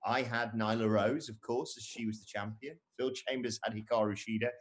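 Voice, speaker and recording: A man's voice: lowish voice, fairly even intonation, brisk. Chatty man reading fan comments. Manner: reads viewer comments aloud, jokey and rambling. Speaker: live stream co-host. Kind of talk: casual live stream chat.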